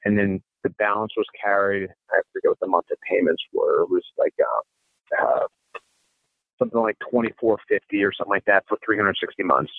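On a dry, narrow, phone-like recording with no echo, a man with a fairly low voice guests on a show as a real estate investor. He recounts a deal in a conversational way, quoting the people involved in snippets and frequently starting over mid-sentence.

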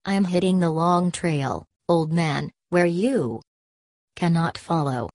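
A woman reading the part of a gruff middle-aged frontier man in an audiobook of a classic novel, curt when irritated and gentle with his dog, in a low, slow voice. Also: no room sound, studio quality. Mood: tender.

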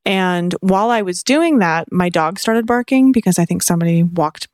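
A woman's voice: moderate pace, no room sound, studio quality. A young woman co-hosting a podcast, telling a story in casual chat, laughing often and acting out what people said. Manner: animated, laughs often, acts out quotes in high voice. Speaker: podcast co-host.

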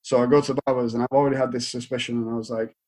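A man's voice: mid-range voice, little pitch movement, rapid-fire, a little mellow, low-quality recording. A man in his late twenties with a Greater Manchester accent, telling a rambling story in casual chat and acting out what people said. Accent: Northern English, Greater Manchester. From England. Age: 20s. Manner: rambling storyteller, acts out quotes. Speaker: stand-up comedian.

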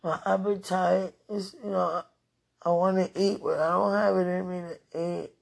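A woman's voice: fairly low pitch, steady tone, moderate pace, vocal fry, a little mellow. A woman talking into a phone held close, emotional and repetitive, with a prayerful tone, as if speaking live to a loved one.

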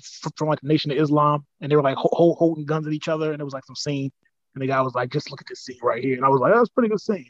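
A young man co-hosting a podcast, chatting casually, quick and profane, laughing often and calling friends "dog". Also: a little high, a bit bright, dry recording. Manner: rapid, profane, laughing, says "dog" a lot. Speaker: podcast co-host. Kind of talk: casual chat. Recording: slightly dull lo-fi podcast audio.

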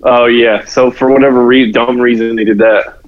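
A man's voice: mid-range voice, flat delivery, moderate pace, highs cut off. A man co-hosting a casual movie-review podcast, speaking in a blunt, profane way. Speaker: podcast co-host.

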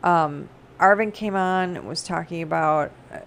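A middle-aged woman talking casually in a rambling, animated way, often laughing. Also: lowish voice, normal speed, vocal fry, slight background noise. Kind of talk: casual personal chat.

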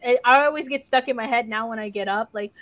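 A woman's voice: a little high, fast, fairly bright tone, no room sound, lo-fi sound. A woman co-hosting a podcast in casual chat, laid-back and slangy with casual swearing. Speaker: podcast co-host.

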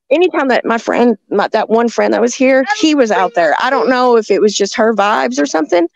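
A woman telling stories in a rambling, halting way, with many restarts, talking from a rural home near the woods. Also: fairly high pitch, expressive, gravelly, no echo, muffled recording. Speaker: guest telling encounter stories. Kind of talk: casual storytelling on a call-in show.

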